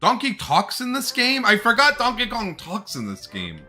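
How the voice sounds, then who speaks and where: A man's voice: sits high, huge pitch swings, normal speed, bright, forceful tone, faint music behind. A young man chatting casually on a live stream, rambling and laughing often.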